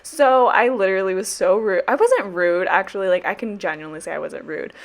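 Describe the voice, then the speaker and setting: A woman's voice: mid-range voice, lively intonation, a little fast. A young woman giving a casual, chatty voiceover about her planner, bubbly and rambling, with slang and the odd swear word. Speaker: planner vlogger and sticker shop owner.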